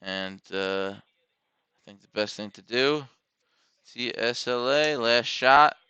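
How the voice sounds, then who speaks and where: A man talks through his trades in a slow, unhurried way, with a bright, very clear voice in a dry, close sound. He mutters to himself and corrects his own numbers as he places orders. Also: medium pitch, dry recording, dull audio. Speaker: day trader streaming live trades. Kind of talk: live trading commentary, thinking aloud.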